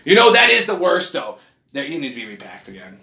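A man hosting a casual podcast from his couch, ranting in a profane, animated way. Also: a little high, brisk, vocal fry, a crowd in the background. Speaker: podcast host. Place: living room at home, on a couch. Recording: echoey room.

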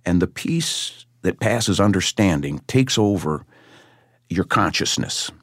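An older man from Michigan, a guest musician, telling stories in an interview with animated, lively delivery. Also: low voice, takes it slowly, dry recording, studio quality. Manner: animated storyteller, acts out voices in his anecdotes. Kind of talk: interview storytelling.

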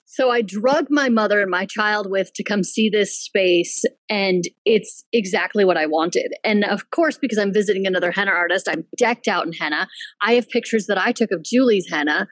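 A woman, a henna artist and business owner, telling a story in casual chat, animated, laughing and swearing freely. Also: medium pitch, normal speed, dry recording, rough recording. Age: adult with a child.

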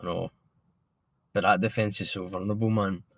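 A man co-hosts a football podcast in casual, excitable chat full of swearing. His voice sits low, and the recording is dry and close with no room sound. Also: a little fast, dry recording. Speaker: podcast co-host.

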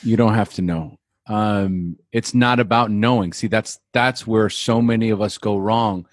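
Slow, measured man with a low voice. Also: fairly even intonation, dry recording, clean studio sound. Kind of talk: reflective podcast conversation.

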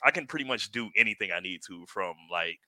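A man's voice: fairly low pitch, expressive, fast, bright, forceful tone, dry recording. A man in his thirties chatting casually from his home loft studio over a video call, laid-back, slangy and chuckling. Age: 30s. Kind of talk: casual chat.

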